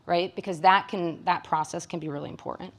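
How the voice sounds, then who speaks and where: A woman's voice: fairly low pitch, steady tone, fairly quick. A woman psychologist from Michigan giving a talk to caregivers in a conversational way, often checking in with her listeners. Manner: conversational, frequent tag questions. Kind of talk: presentation to caregivers.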